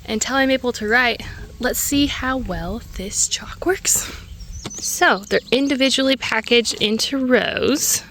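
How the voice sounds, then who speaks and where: A woman's voice: fairly high pitch, pushed and bright, a little hiss or hum. A young woman author chatting casually in a vlog, emotional and talkative, sometimes dropping to a whisper, in her morning voice. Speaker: author vlogger. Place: at home and outdoors.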